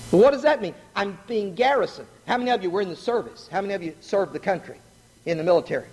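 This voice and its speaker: A middle-aged man preaching a sermon, animated and joking, asking the congregation questions. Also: high voice, fast, breathy edge. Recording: long hall reverb.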